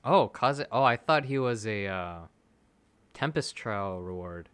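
A young man live-streaming gacha pulls, begging the game for good results, then turning sarcastic, swinging between loud pleading and flat mutters. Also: lowish voice, a little slow, clean tone, no room sound.

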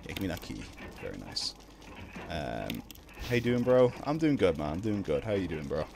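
A young Irish man streaming a video game, chatting casually with his viewers between drawn-out ums. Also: sits low, sing-song, gravelly, darkish tone, a little hiss or hum. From Ireland. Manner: laid-back, drawn-out ums, greets chat. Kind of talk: casual live-stream chat while gaming.

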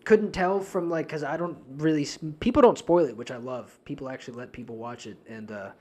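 A young New man with a fairly high voice rambles through a casual podcast chat. He swears constantly and breaks into laughter often. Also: brisk, darkish tone. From New Hampshire. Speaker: podcast co-host.

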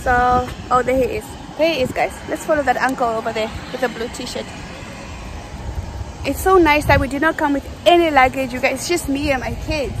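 Chatty high-voiced woman vlogging. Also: a little fast, background noise. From Namibia. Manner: chatty, excitable, laughs often. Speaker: family vlogger, mother. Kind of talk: casual travel vlog to camera.

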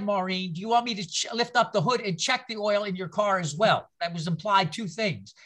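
A church history teacher gives a loose, conversational lecture, drifting into stories and asides and often restarting sentences. The voice is bright and forward, sitting at an ordinary middle pitch. It sounds like a class held in a church room. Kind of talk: informal lecture with anecdotes.

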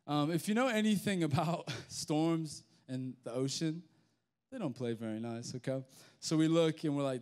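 Casual Australian youth pastor. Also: male voice, on the high side, normal speed, smooth. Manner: casual, animated storyteller with slang. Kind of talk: sermon with storytelling.

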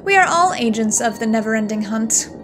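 A woman's voice: on the high side, lively intonation, a little fast, fairly bright tone, faint music behind. Woman voicing a doom-laden cryptic agent. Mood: ominous. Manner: portentous riddling pronouncements.

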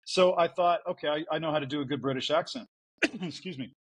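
A man who works as a voice actor, telling stories in a casual podcast interview, animated and full of restarts. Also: on the high side, brisk, slight background noise, rough recording. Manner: chatty storyteller, animated with restarts. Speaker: voice actor guest.

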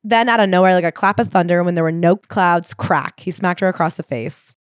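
Fast-talking woman retelling a memoir. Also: fairly low pitch, no room sound, clean studio sound. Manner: animated retelling, swearing, quoting people. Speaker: podcast co-host. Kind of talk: casual book-club chat.

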